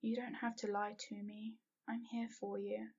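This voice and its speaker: A woman voicing a calm, caring masked young man, speaking softly and sometimes in a whisper. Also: medium pitch, normal speed, slightly rough. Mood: gentle. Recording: dull lo-fi home recording.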